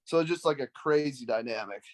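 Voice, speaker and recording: A man's voice: medium pitch, a little fast, no room sound. Man, young adult, guest, rambling, casual, dry recording. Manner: rambling, filler-heavy. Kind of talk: casual storytelling.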